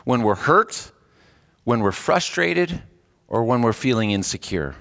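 Speaking unhurriedly in a large hall, this man's voice has big pitch swings, vocal fry and a slightly bright tone. He's a hospice chaplain giving a relaxed, conversational sermon, leaping in pitch as he performs the voices of those he quotes.

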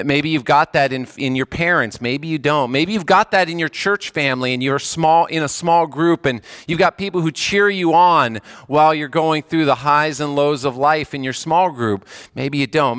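A man's voice: on the high side, a bit bright, no room sound, clean studio sound. A man preaching a sermon as a pastor, earnest and conversational, with rising emphasis on key points.

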